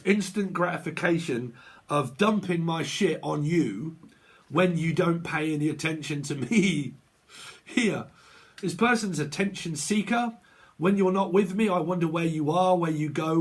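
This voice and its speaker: A man's voice: fairly high pitch, husky. A man giving a casual tarot reading to camera at home, swearing often, laughing, and acting out both sides of imagined arguments. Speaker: tarot reader.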